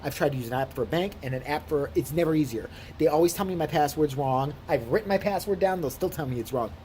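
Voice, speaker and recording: A woman's voice: low-pitched, fast, slight background noise. A woman vlogger telling a story as an indignant, profane rant. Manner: indignant, swearing, animated storytelling.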